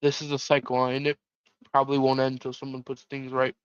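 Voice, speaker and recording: A man's voice: mid-range voice, completely flat delivery, quick pace, clear, resonant tone, dry recording, muffled recording, natural voice. A man voicing a world-weary occult detective, dry and sardonic.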